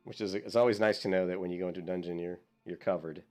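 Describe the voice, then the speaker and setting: A man's voice: deep voice, steady tone, fast talker, darkish tone, faint music behind. A man streaming a video game, chatting casually to his viewers in a rambling, self-mocking way with frequent chuckles. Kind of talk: casual gameplay commentary.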